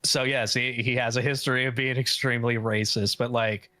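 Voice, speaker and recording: A man's voice: mid-range voice, level tone, brisk, bright, forceful tone. Blunt rambling man gossiping. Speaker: stream guest. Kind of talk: casual gossip chat.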